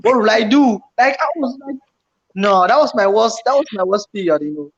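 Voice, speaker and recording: A man telling a story in casual chat, animated and repetitive as he acts out his own panicked remarks. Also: sits high, a little fast, breathy edge. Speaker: YouTuber co-host. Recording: slightly dull lo-fi home recording.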